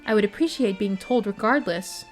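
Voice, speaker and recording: A fiery teenage prince, read aloud by a woman in a bedtime storybook. He hurls his words out in loud, spitting bursts of anger, pitched a touch above her usual voice. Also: normal speed, soft background music, lightly acted. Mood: sulky. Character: hot-tempered teenage boy prince.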